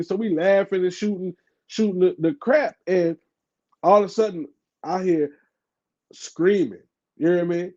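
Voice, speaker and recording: A man's voice: high-pitched, normal speed, pauses often. A man in his thirties from New Orleans with a local accent, a podcast guest telling a story in casual talk, full of fillers and acting out what others said. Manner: animated, acts out quoted voices, heavy fillers. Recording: dull lo-fi podcast audio.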